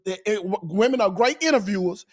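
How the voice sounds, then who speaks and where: A man's voice: sits high, animated, fairly quick. A man co-hosting a podcast, arguing his point emphatically and profanely in casual chat.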